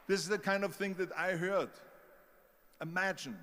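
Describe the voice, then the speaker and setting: A man's voice: sits high, fairly even intonation, moderate pace, fairly bright tone, in a large hall. Older man with an Austrian German accent, punchy. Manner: storytelling, punchy and emphatic, mimics the doubters. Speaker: motivational speaker. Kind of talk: motivational speech.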